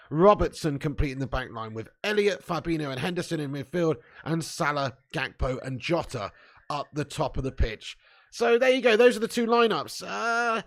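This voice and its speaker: Fired-up English football fan host. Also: male voice, a little high. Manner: banters with live chat, swears and laughs, bursts loud. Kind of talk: live match watch-along chat.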